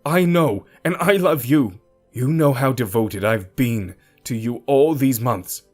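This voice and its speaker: A man's voice: mid-range voice, a little slow, soft background music, natural voice. A man voicing a defensive young man arguing with his partner in an audio story. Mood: apologetic. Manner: defensive, sharp.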